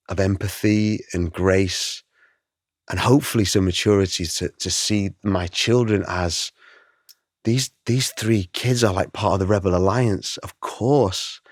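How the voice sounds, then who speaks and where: A middle-aged man, a guest artist, telling his story in an interview, animated and emotional, acting out the voices he quotes. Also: deep voice, measured pace, no room sound, clean studio sound.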